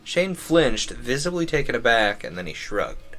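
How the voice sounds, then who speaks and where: A man's voice: mid-range voice, very animated, measured pace, a bit bright, faint music behind. A young man streaming, reading a visual novel aloud with joking, chuckling asides.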